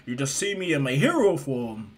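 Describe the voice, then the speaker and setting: A man's voice: mid-range voice, big pitch swings, moderate pace, slightly rough. A man voicing a kindly, proud adult male hero mentor who speaks heartily to his young students in a spoken fan story. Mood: hearty.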